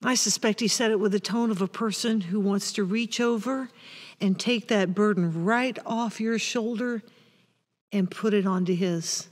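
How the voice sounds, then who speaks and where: A woman pastor preaching a sermon in a reflective, deliberate way, with bursts of rising intensity. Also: medium pitch, long reverb tail.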